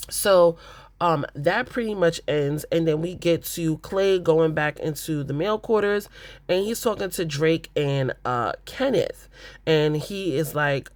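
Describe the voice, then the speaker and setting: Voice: medium pitch, unhurried, dry recording. An adult host giving a casual, opinionated recap of a reality show in a blunt, exasperated way.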